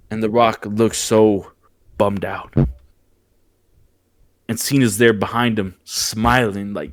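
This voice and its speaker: Animated man recapping a wrestling show. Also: on the low side, measured pace, long pauses, no room sound. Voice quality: animated storyteller, frequent restarts. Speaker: podcast host. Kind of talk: excited wrestling recap, casual chat.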